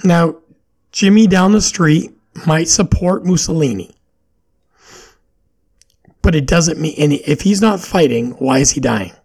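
A man's voice: on the high side, measured pace, gravelly, pauses often, a little mellow, breathy edge. A man hosting a solo podcast, talking through his opinions in a questioning, rambling way with plenty of fillers. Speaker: podcast host.

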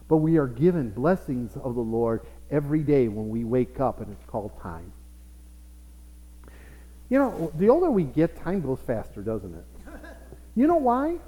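A man's voice: mid-range voice, mellow. A man preaching a sermon as pastor, with playful asides to his congregation. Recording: reverberant hall.

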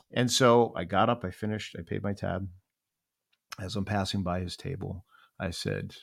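A man's voice: on the low side, steady tone, fairly quick, creaky. A man in his forties telling a personal story in a rambling, reflective way, often repeating phrases.

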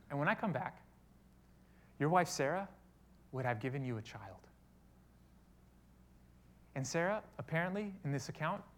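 Brief: male pastor, animated sermon storytelling, swings from loud to hushed. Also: on the high side. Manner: dramatic storytelling, voicing quoted speech, big swings in loudness.

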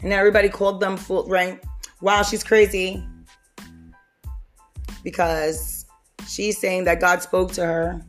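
Slow-talking woman riffing on a podcast. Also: fairly low pitch, soft background music. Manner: animated, jokey, slips into quick impressions. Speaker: podcast host. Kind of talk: casual comedic riffing.

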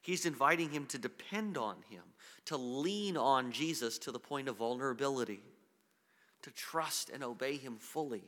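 Male pastor preaching, sharp bright tone, earnest and halting, echoing hall sound. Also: medium pitch, lively intonation. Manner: earnest preaching with many restarts and repeated words. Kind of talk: sermon. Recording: long hall reverb.

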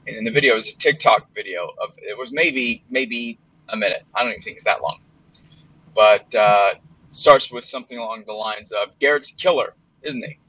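A man's voice: on the low side, normal speed, bright, forceful tone, breathy edge, lo-fi sound. A man hosting a podcast in a casual monologue, blunt and rambling, with lots of fillers and some swearing. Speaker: podcast host.

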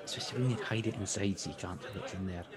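A man's voice: deep voice, rapid-fire, a crowd in the background. A man playing a tabletop role-playing game in character, playful and chatty with many asides. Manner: playful, lots of asides and restarts.

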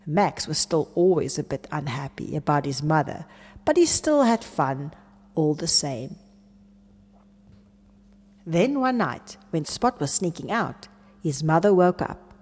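Woman, storyteller, children's story read-aloud, husky voice, long reverb. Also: deep voice, measured pace, pauses often. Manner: expressive, animated reading.

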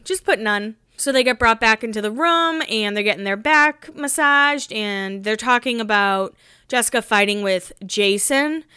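A woman's voice: a little high, sharp tone, clean tone, dry recording, studio quality. A woman in her thirties hosting a podcast, chatting casually with giggly asides while getting over a cold. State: has a cold. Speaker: podcast host. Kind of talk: casual recap chat.

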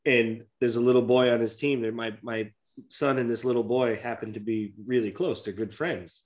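A man in his thirties, a podcast co-host, telling a story in a relaxed, conversational way. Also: medium pitch, moderate pace. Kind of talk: casual chat.

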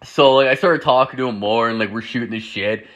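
A man's voice: mid-range voice, brisk, a bit bright, dull audio. A young man hosting a show, telling a rambling, profane story in casual chat and acting out both sides of the dialogue. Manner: profane, rambling, quotes friends in dialogue with many fillers.

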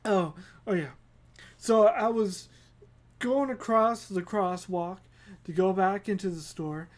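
A woman's voice: mid-range voice, slow pace, darkish tone. A woman hosting a podcast, telling a rambling comedic story with lots of giggles. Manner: giggly, rambling, self-mocking. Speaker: podcast host.

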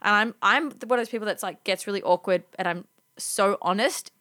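A woman in her thirties with an Australian accent, telling an anecdote in casual chat, animated and self-deprecating. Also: medium pitch, a little fast, dry recording, clean studio sound. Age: 30s.

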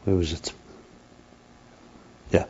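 A man's voice: slow pace, mellow. A man teaching a text class, reading passages aloud and explaining them step by step, often repeating himself. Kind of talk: text study lesson. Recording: dull lo-fi recording.

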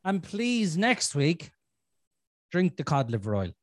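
A man's voice: on the high side, sing-song, takes it slowly, no echo, studio quality. Sweary, teasing Irish man. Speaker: podcast host. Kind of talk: casual podcast chat.

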